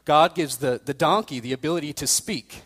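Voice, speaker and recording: Casual young youth pastor preaching in a hall. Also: male voice, a little high, a little fast, a bit bright. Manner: casual storytelling preaching, self-deprecating. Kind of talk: sermon. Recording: long reverb in a hall.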